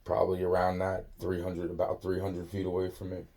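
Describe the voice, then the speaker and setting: Man, low and husky, mellow tone; loose profane storyteller who keeps restarting sentences. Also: monotone, brisk. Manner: rambling, profane, many restarts. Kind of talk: casual spoken anecdote.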